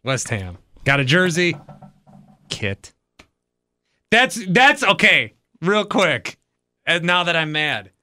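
This Wisconsin podcast host has a fairly high, bright and forceful voice with big pitch swings, recorded dry at studio quality. His casual banter is full of wisecracks, self-mockery and rapid asides.

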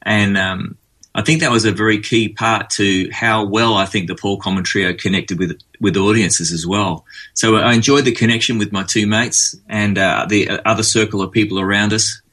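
An Australian man telling stories as an interview guest, in a low, rather bright voice. He talks in a relaxed, rambling way, with plenty of ums and asides. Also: normal speed. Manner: easygoing, rambling storyteller with fillers. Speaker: musician guest. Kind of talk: casual interview chat.

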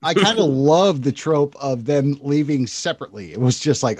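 Husky guy guesting on a podcast, jokey, voice jumps around a lot. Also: fairly high pitch, animated, normal speed, dry recording, studio quality. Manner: joking, laughs at his own lines. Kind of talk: casual chat.

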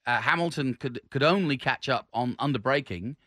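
Bright-voiced halting podcast man. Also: medium pitch, no room sound, studio quality. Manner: halting, explains the rules at length. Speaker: podcast co-host. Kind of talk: casual motorsport chat.

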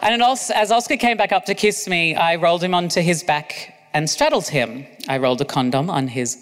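A man's voice: fairly high pitch, brisk, fairly bright tone, in a large hall. A man narrating his own memoir as an audiobook, with cheeky asides. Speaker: author reading own memoir.

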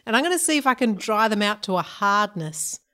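A middle-aged woman chats easily as a podcast co-host, often breaking into giggles. Her voice sits at an ordinary middle pitch. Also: big pitch swings, a little fast, sharp tone. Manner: chatty, giggly. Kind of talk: casual chat.

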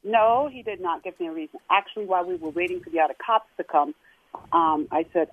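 A woman calling in and recounting her experience in an emotional, halting way. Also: lowish voice. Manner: tearful, halting. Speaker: caller. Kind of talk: emotional phone-in account. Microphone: telephone. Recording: tinny phone line.

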